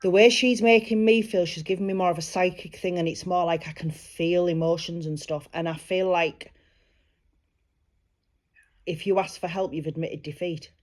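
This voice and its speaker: A woman working as a psychic medium, giving a private reading in a gentle, reassuring way and relaying spirit messages. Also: fairly low pitch, fairly even intonation, normal speed.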